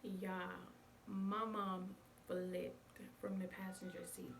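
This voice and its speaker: A young woman vlogger chats casually with her viewers, telling a story and calling them y'all. Her medium-pitched voice is level and slow, picked up by a distant mic with faint background noise.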